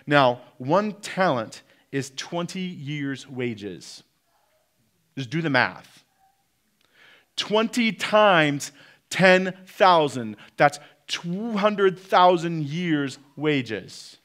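A man preaching a sermon, swinging between loud peaks and quiet drops, and putting direct questions to the congregation. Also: on the high side, lively intonation, extremely slow. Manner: preaching with sharp rises and drops in loudness. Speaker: pastor.

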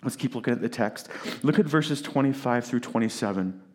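A middle-aged male pastor preaching a sermon at a medium pitch. He is emphatic, leans on dramatic pauses, and swings from loud declarations to hushed asides. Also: lively intonation.

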